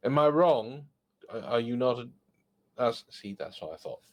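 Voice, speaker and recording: A man hosting a casual podcast, reading funny online stories aloud and joking about them with animated asides. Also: medium pitch, normal speed. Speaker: podcast host.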